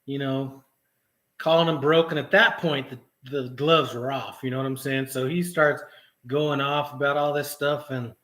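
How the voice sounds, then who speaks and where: A man's voice: mid-range voice, moderate pace. A middle-aged man casually telling a heated story for his vlog, swearing often and acting out the dialogue. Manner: profane, animated retelling with quoted dialogue. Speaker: trucking vlogger.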